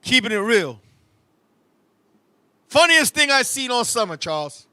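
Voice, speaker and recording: A show host with a very high, cutting voice tells animated, profane stories in comic banter, constantly turning to his co-host. He speaks a little slowly with a clear, resonant tone, recorded on a close, fully dry mic with no room sound.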